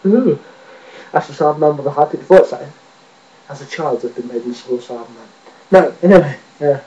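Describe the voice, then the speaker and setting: A man's voice: fairly high pitch, fast talker, mellow, dull audio. A man rambling and joking casually to his webcam, swearing now and then and mocking himself. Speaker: vlogger. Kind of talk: casual rambling video chat.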